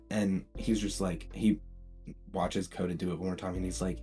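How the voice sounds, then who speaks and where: A man's voice: sits low, level tone, moderate pace, warm tone, faint music behind. A man telling a fan-made story in a casual, rambling way, full of fillers and restarts. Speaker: channel host.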